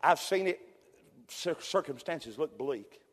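A middle-aged man preaching a fervent revival sermon, swinging from loud peaks to hushed storytelling. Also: fairly high pitch, expressive, slow pace, crowd noise. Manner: fervent, builds to shouted peaks then drops to hushed storytelling. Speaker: pastor. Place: church sanctuary. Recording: long hall reverb.

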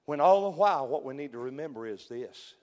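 A middle-aged man preaching a fervent revival sermon, swinging from loud peaks to hushed storytelling. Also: a little high, animated, a little fast. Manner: fervent, builds to shouted peaks then drops to hushed storytelling. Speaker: pastor. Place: church sanctuary. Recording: long hall reverb.

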